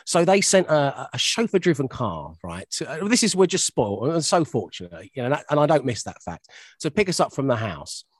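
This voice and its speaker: A man's voice: mid-range voice, sing-song, a little fast, slightly rough, no echo, clean studio sound. A middle-aged man from London telling self-deprecating anecdotes in a casual chat. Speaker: radio host, guest curator.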